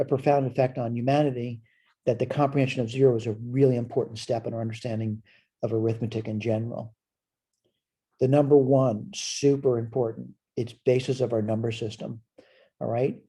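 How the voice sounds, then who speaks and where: A man's voice: medium pitch, warm tone, slightly rough. A man teaching a recorded college math lecture. He asks questions and answers them himself, and he repeats short phrases as he points things out on the board.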